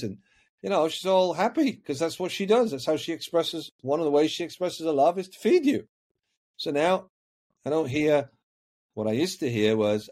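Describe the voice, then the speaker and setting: A man's voice: on the high side, expressive, fairly quick, a little mellow. A man talking as a coaching guest on a podcast, earnest and reflective, often repeating words while he finds his point. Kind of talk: podcast conversation.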